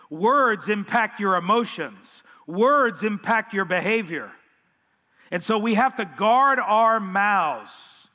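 High bright-voiced male preacher in reverb. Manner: emphatic, asks the congregation questions. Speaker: pastor. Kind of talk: sermon.

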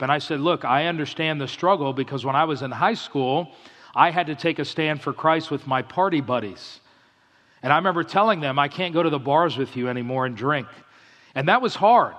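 Middle-aged male pastor, slightly raised pitch, earnest sermon storyteller, long hall reverb. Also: a bit bright.

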